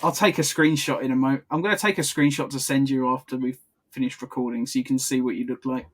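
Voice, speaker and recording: A man with a steady, medium-pitched voice talks quickly as he co-hosts a podcast via video call. The chat is casual commentary, marked by frequent laughs and constant self-corrections.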